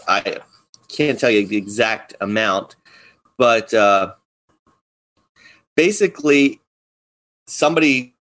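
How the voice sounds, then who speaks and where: Male co-host, easygoing rambling chat, mid pitch. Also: takes it slowly, long pauses, a bit bright. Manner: rambling, many fillers and restarts. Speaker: podcast co-host. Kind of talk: casual chat.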